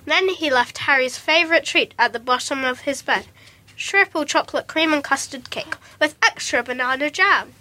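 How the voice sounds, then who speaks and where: A woman reading a children's storybook aloud in an expressive, lilting storytelling manner. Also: sits high, normal speed.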